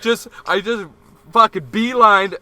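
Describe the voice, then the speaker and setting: A man's voice: high-pitched, slow. A man co-hosting a podcast in casual chat, telling a story with heavy swearing and rowdy energy. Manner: profane, rowdy, animated storyteller. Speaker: podcast co-host.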